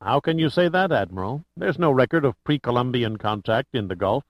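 A man's voice: mid-range voice, animated, brisk, dry recording, natural voice. A man voicing a serious, skeptical male character, in a dull lo-fi recording. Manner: serious, doubting.

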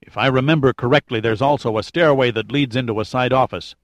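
A man murmuring as a quiet, helpful guide. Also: medium pitch, fast talker, no room sound, close to an everyday voice. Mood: hushed. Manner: soft murmur.

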